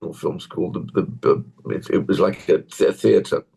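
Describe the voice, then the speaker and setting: A man's voice: low-pitched, normal speed, gravelly, warm tone, slightly rough. An older man with an English accent, an actor chatting in an interview over a tablet video call, rambling through anecdotes. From England. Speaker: actor guest. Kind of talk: casual interview chat.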